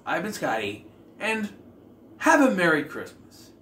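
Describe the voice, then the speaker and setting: A man's voice: high-pitched, huge pitch swings, a little slow, fairly bright tone, recorded from a distance. A man hosting a casual film review, talking in a rambling, conversational way with lots of fillers and self-corrections. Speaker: film reviewer, channel host. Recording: echoey room with faint ambient noise.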